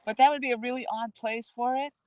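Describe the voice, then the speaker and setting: A woman's voice: a little high, steady tone, fast talker, dry recording. A woman vlogger chatting casually to her live-stream viewers while paddling a kayak outdoors on a lake, speaking into a handheld phone. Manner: chatty, talks straight to viewers. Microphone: handheld phone camera.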